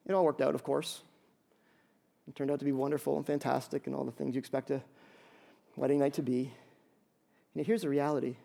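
A male pastor preaching a sermon, telling stories in an animated way with many quick restarts. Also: mid-range voice, creaky.

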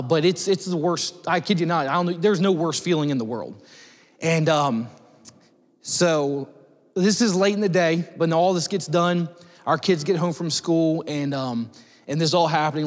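Halting pastor in an echoing hall. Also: male voice, on the high side. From United States. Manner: halting, repeats words, many fillers. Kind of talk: personal story in a sermon. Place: church sanctuary. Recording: long hall reverb.

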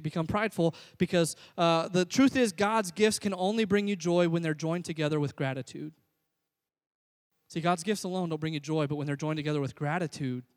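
A man preaching a sermon as a pastor, energetic and building to near shouts. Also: high-pitched. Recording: long hall reverb.

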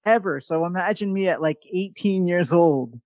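A man's voice: sits high, moderate pace, no room sound, muffled recording. New man telling stories, dry sound. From New York. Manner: animated, mimics other voices in quotes, swears casually. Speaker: podcast host. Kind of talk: casual storytelling chat.

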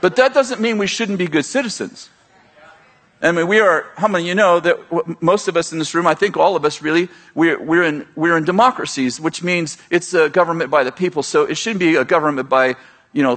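A man's voice: fairly high pitch, fairly bright tone. Man preaching casually on stage. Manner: conversational preaching, acts out dialogue, frequent restarts. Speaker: pastor speaking at a leaders conference. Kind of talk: sermon. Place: large church auditorium.

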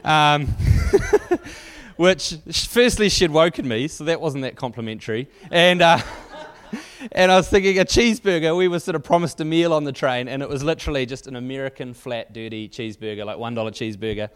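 A man's voice: mid-range voice, fast, a bit bright, clean tone. A man preaching to a church audience, telling a wry anecdote loosely with fillers and restarts. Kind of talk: storytelling sermon.

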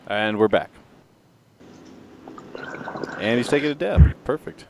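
A man in a studio chat, making short quiet remarks from away from the mic. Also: medium pitch, lively intonation, fairly quick, gravelly, heavy background noise.

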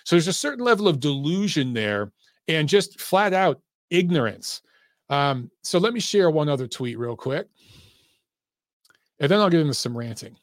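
A man's voice: on the high side, big pitch swings, moderate pace, dry recording, studio quality. A middle-aged man hosting a boxing podcast, ranting in casual commentary with profane, emphatic, repetitive talk.

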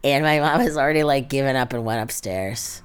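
A man's voice: medium pitch, fairly quick, clear, resonant tone. A young adult man with a New York accent, telling a personal story in an interview, full of "like" fillers and quoted dialogue. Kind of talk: oral history interview.

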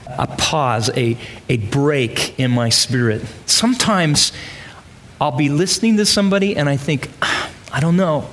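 A man's voice: mid-range voice, a little slow, fairly bright tone, slight background noise. A man preaching a sermon in a church, emphatic and full of rhetorical questions to his congregation. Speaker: pastor. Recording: long reverb of a large hall.

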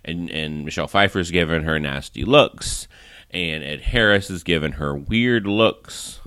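A man's voice: sits low, unhurried, sharp tone, no echo. A man hosting a casual movie review podcast, recapping the plot in a rambling way with lots of "like" and laughs. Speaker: podcast host.

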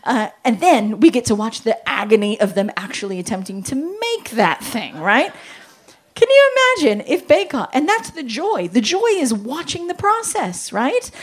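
A woman and parent giving a lively Christian talk on parenting, joking and acting out little quoted voices. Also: fairly high pitch, normal speed, husky. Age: adult with children. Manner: animated, jokey, acts out quotes.

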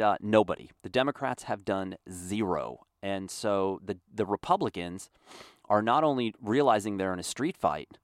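A man's voice: on the low side, no room sound, clean studio sound. A man delivering a heated, exasperated political commentary monologue.

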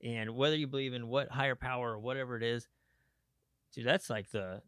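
A man hosting a personal podcast, talking candidly in a halting way, with frequent restarts and fillers. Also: medium pitch, fairly even intonation, fairly bright tone, clear, resonant tone, no echo, clean studio sound. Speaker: podcast host.

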